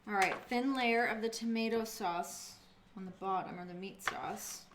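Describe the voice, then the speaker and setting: A woman's voice: mid-range voice, moderate pace, background noise. A woman streamer chatting casually with viewers while cooking in her home kitchen, answering chat and swearing freely.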